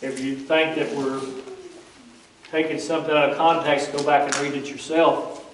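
A man delivers a sermon in a fairly high voice, retelling scripture in a folksy, conversational way. He stands some distance from the microphone, and his words ring around an echoey church sanctuary. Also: flat delivery, moderate pace, a little hiss or hum. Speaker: preacher.

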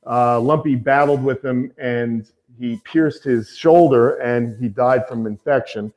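A man's voice: medium pitch, unhurried, darkish tone. A man hosting a casual live stream about reptiles, rambling and upbeat, with lots of fillers, greeting viewers by name. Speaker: reptile keeper and channel host.

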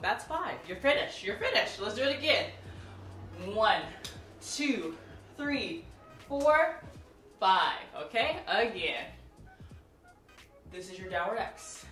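Her voice is medium-pitched with a sharp tone as she teaches a martial arts routine on video. Between drills she counts moves, cues students, and chats and jokes with viewers, laughing along in this instructional tutorial. An echoey room, a distant mic, and faint music shape the recording.

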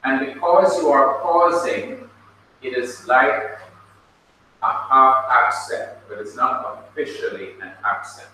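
A man with a Jamaican accent teaching a classroom lesson, slow and patient, spelling words out letter by letter. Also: medium pitch, expressive, bright, forceful tone. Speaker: Bible college teacher. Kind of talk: classroom lecture. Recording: echoey room, distant mic, faint noise.

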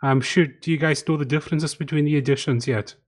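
A man's voice: fairly high pitch, steady tone, fast talker. A man hosting a casual podcast commentary. He talks over an online call and steers the group. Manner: chatty, organizes the talk and guides the others. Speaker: podcast host.

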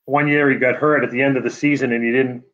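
A man with a New England accent giving an award acceptance speech over a video call, halting with many fillers and restarts. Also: medium pitch, level tone, a bit bright, dull audio. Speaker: award honoree.

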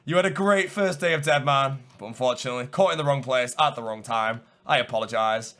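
A man giving live gameplay commentary, excitable, going from low muttering to loud shouts. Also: brisk. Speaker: gamer.

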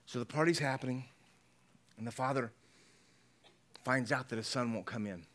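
A man's voice: mid-range voice, normal speed, fairly bright tone. A middle-aged man preaching a sermon as pastor, talking conversationally, repeating his words and checking in with his listeners.

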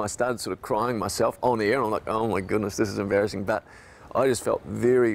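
A man's voice: lowish voice, gravelly. A New Zealand man, a radio host, recalling events in a reflective, emotional documentary interview.

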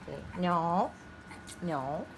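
A woman at home chatting to her pet in a high, sing-song baby-talk voice, recorded on a phone. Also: lively intonation, extremely slow, vocal fry. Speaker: pet owner. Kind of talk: talking to pets at home. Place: indoors at home. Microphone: handheld phone camera. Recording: noisy home phone video.

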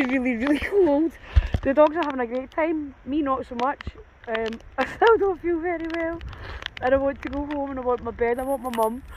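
A high-voiced woman talks to her phone camera in an open field while walking her dogs in the cold rain. She sounds run down from a cold but keeps up a chatty, self-mocking stream of talk, laughing often, with a faint hiss of outdoor noise behind her. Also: poor audio. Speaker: dog walker vlogger. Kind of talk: casual outdoor vlog chat.

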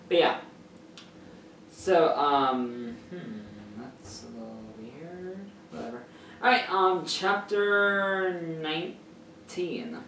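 A channel host reads a fan story aloud casually, rambling, filler-heavy and often stumbling and correcting himself. His medium-pitched voice comes through a camera mic set far away in an echoey room, with slight background noise.

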